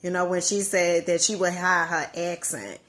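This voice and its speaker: A woman's voice: on the low side, fairly even intonation, moderate pace, a bit bright. A woman with a Southern accent giving an emphatic motivational talk to her viewers, repeating key phrases for effect. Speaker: motivational vlogger.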